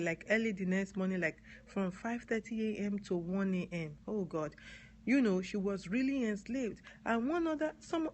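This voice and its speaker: A woman's voice: medium pitch, darkish tone, slight background noise. A woman from Nigeria with a Nigerian accent, talking earnestly on a live stream, repeating key words and spelling some out. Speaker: advocate live-streaming to viewers. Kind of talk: live-stream talk answering comments.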